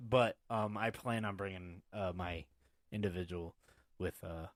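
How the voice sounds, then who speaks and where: A man hosting a casual podcast, telling rowdy stories full of cursing and loud impressions. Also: low voice, a little slow, no room sound. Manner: profane, animated storytelling with shouted impressions. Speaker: podcast host. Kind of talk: casual chat.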